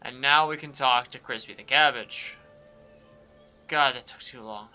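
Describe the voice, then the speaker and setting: A man's voice: medium pitch, measured pace, long pauses, bright, forceful tone, faint music behind. A man doing casual let's-play commentary, joking and exasperated. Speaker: gaming YouTuber.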